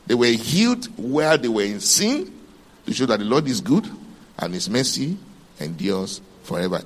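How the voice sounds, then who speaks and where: A male preacher giving a sermon. He quizzes the congregation with questions, swings between loud emphasis and hushed tones, and reads scripture aloud in old-fashioned wording. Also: mid-range voice.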